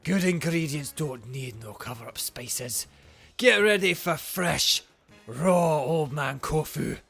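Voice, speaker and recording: A man doing a boisterous old Scottish chef who leads a gym in a game, all hearty folksy charm. He stretches his words slowly and booms them out, bright and forceful. A proud old-timer fully enjoying the moment. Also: vocal fry, breathy edge, faint music behind, exaggerated voice. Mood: boastful. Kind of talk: reading game dialogue aloud.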